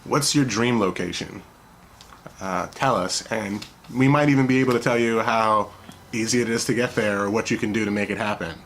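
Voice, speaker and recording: A man's voice: fairly low pitch, normal speed, a bit bright. A young man co-hosting a travel vlog, easygoing and encouraging as he speaks to viewers. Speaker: travel vlogger, channel co-host. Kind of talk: casual chat to camera. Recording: faint background noise.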